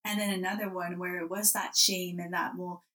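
A woman's voice: fairly low pitch, little pitch movement, normal speed, sharp tone. Woman interviewer, curious and affirming. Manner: curious, affirming with frequent yeahs. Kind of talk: casual interview conversation.

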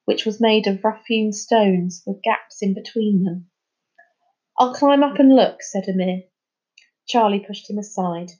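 A woman reading a children's chapter book aloud in a clear, measured storytelling manner. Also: mid-range voice, mellow. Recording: muffled lo-fi recording.

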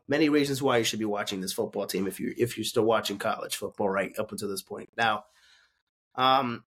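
A man's voice: medium pitch, a bit bright. A young man hosting a casual sports recap, ranting with lots of swearing, heated one moment and muttering in defeat the next. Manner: ranting, profane, swings from heated to deflated mutters.

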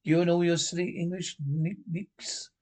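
A sneering French castle guard flings insults from the battlements in a put-on French accent, voiced by a man. His voice sits somewhat high, and his manner is openly mocking. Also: level tone, moderate pace, a little mellow, close to an everyday voice. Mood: taunting. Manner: insulting, taunting.

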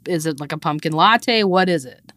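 Chatty, teasing woman, slightly low voice. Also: normal speed, a bit bright, no echo. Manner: teasing, chatty, trails off and restarts. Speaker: podcast co-host. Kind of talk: casual chat.

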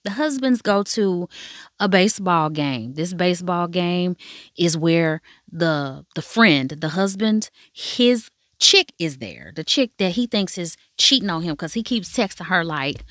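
A woman's voice: on the low side, animated, a little slow, no echo, clean studio sound. Frank, cussing woman recapping a drama. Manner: frank, profane, chatty storytelling; playful asides to listeners. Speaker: podcast host.

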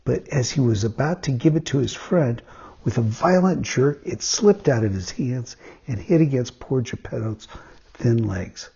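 A man's voice: medium pitch, unhurried, creaky, slightly rough. A man reading a classic children's story aloud as a weekly installment, telling it expressively. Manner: expressive storytelling with voiced quotes. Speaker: storybook reader. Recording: dull lo-fi sound.

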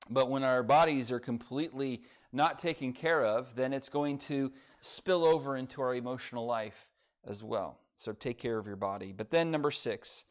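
A man's voice: medium pitch, moderate pace. A middle-aged man, a pastor giving a sermon in a church in a conversational, folksy way, telling a humorous family story.

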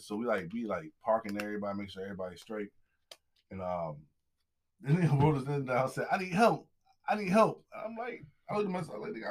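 A man's voice: mid-range voice, vocal fry. A young man hosting a podcast in loose casual chat, joking and telling stories. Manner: loose, joking, drags out words when reading a plug. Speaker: podcast host.

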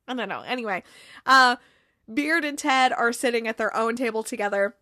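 Brief: young woman, recap host, bright and lively, slightly high, dry close sound. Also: normal speed, no echo. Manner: chatty, acts out characters' lines, frequent fillers and laughs. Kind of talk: casual episode recap.

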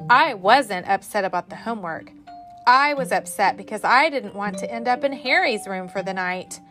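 A woman teacher reading a children's story aloud to a class, with an expressive, animated delivery. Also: medium pitch, normal speed, soft background music.

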